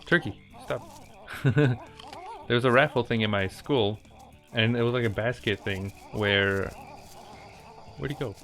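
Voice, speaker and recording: A man's voice: mid-range voice, measured pace, long pauses, fairly bright tone. A man casually telling a childhood story while playing a video game, rambling and breaking off to react to the game. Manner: rambling, chatty, with laughs and asides to the game. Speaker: gaming channel host. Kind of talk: casual gameplay commentary with storytelling. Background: faint game music.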